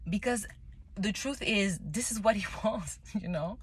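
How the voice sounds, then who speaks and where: Woman, tarot reader, candid, emotional, restarts, mid pitch, dry sound. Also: animated, a little slow, husky, no echo. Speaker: tarot reader sharing a personal story. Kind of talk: casual spoken monologue.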